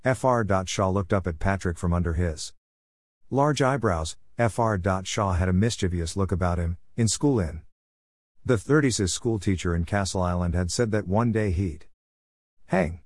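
Low-voiced man reading a story. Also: moderate pace, dry recording, studio quality.

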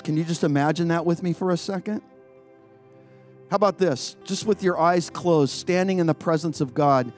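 A male pastor preaching a sermon in a church courtyard, emphatic and urging, with long pauses. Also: on the high side, soft background music.

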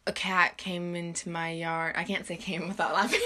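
A woman with a bright, forward voice co-hosts a loose chat among friends. She exclaims often and breaks into laughter easily, keeping things playful and informal. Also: lowish voice, steady tone, moderate pace. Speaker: podcast co-host.

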